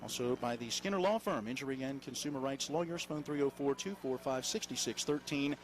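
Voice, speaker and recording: A man with a West Virginian accent calling a high school football game live, reading sponsor spots between plays and climbing in pitch on big plays. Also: a little hiss or hum. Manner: fast, rising excitement on big plays, chatty asides. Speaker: play-by-play announcer. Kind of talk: live sports commentary with sponsor reads.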